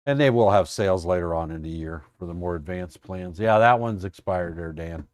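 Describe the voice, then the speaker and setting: A man's voice: low voice, fairly quick, no room sound. A man hosting a casual trading stream, joking and teasing his viewers. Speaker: trading coach host. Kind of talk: casual live-stream chat.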